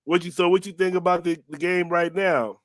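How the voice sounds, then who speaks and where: Male podcast host, casual and slangy, a bit high-pitched, dry close sound. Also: fairly even intonation, brisk, dry recording. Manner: casual, slangy storytelling, trailing off quietly.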